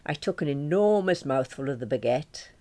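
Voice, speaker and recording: A woman reads a first-person diary-style novel with a chatty, wry, self-deprecating touch. Her pitch moves in lively rises and falls as she tells the story. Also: normal speed. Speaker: audiobook narrator.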